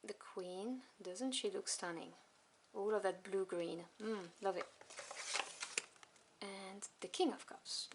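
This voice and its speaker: A woman's voice: mid-range voice, takes it slowly, pauses often. Chatty woman reviewing tarot cards. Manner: chatty, enthusiastic, drops into soft asides. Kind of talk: casual deck review. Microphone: camera on tripod. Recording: noisy home recording with clicks.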